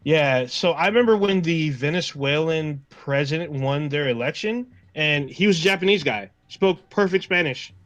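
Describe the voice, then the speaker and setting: A man co-hosting a casual livestream chat, rambling along in a relaxed way and acting out his own reactions. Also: on the high side, moderate pace, few pauses, no echo. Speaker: podcast co-host.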